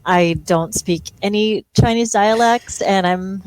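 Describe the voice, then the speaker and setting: A woman in her forties, a guest on a podcast, chatting casually and poking fun at herself, quick to laugh. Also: medium pitch, darkish tone, clear, resonant tone, poor audio. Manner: chatty and self-deprecating, laughs easily. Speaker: guest speech-language pathologist. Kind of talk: casual interview conversation.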